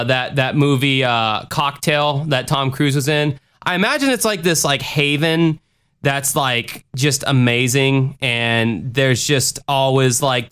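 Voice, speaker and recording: A man hosting a podcast, answering listener questions in a profane, rambling way with animated rants. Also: medium pitch, clear, resonant tone. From Florida. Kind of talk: casual podcast rant.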